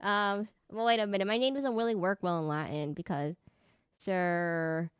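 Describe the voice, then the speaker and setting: A VTuber streamer, a woman, gives casual commentary while playing a video game, with many restarts, self-corrections, and frequent giggles. Her mid-range voice is steady and clean at a normal speed, recorded at studio quality with no room sound.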